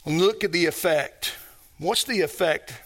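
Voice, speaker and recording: A man's voice: on the high side, unhurried, a bit bright. A man preaching a sermon as pastor, emphatic and full of rhetorical questions put to his congregation.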